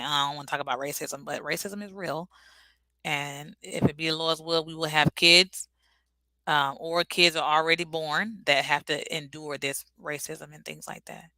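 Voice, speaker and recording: Bright-voiced woman chatting to her viewers. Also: deep voice, no echo, rough recording. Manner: chatty, talks straight to viewers as "y'all". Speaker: live stream host. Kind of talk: casual live-stream chat with viewers.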